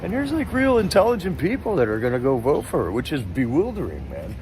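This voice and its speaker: A man's voice: a little high, wildly swooping pitch, fairly quick, darkish tone, slight background noise. A man hosting a live stream, chatting casually in a rambling, sarcastic way with many restarts.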